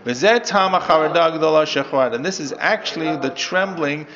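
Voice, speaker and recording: A man's voice: fairly high pitch, fairly quick. A man teaching a text class as a rabbi, reading Hebrew lines and then explaining them step by step to his students. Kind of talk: classroom Torah lesson. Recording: dull lo-fi audio with class chatter.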